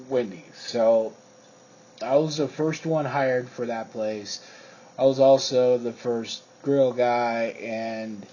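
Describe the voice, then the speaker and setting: A man's voice: medium pitch, warm tone, slight background noise. A man telling a rambling personal story in casual talk, swearing freely and using lots of fillers. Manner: profane, rambling, with frequent fillers. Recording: dull lo-fi recording with faint crickets.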